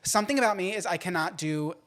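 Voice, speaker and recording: A man hosting a podcast in a casual, playful way, swinging between loud outbursts and quiet asides. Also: high voice, fast. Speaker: podcast host.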